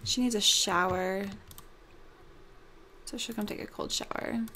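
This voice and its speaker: A woman's voice: mid-range voice, steady tone, unhurried, pushed and bright, a little hiss or hum. A young woman hosting a casual gameplay commentary, bubbly and gushing, with lots of ums. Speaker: let's play host.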